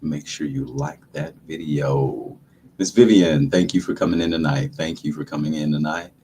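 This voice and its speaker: Man, very low voice, laid-back livestream host, dry throat, faint room hum. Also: moderate pace. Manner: relaxed, repetitive greetings to viewers. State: dry throat, sucking a lozenge. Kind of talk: casual livestream chat.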